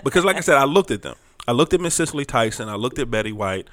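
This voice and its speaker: A man's voice: medium pitch, very animated, fast talker, a bit bright, no echo, studio quality. A middle-aged man co-hosting a casual podcast chat, laid-back and joking. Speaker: podcast co-host.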